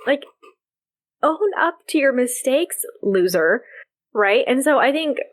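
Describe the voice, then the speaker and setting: A young woman co-hosting a casual podcast, her voice sitting a little high. She talks with lots of energy, often jumping up in pitch to act out characters and breaking into laughs. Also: takes it slowly. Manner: animated, quotes characters in a higher voice, laughs often. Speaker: podcast co-host. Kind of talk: casual chat.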